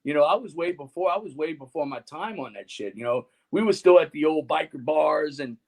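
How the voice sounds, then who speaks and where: A man's voice: fairly high pitch, brisk, creaky. A man telling stories as a guest in a casual interview, rambling and filling his talk with "you know" and "man". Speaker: guest musician and radio host.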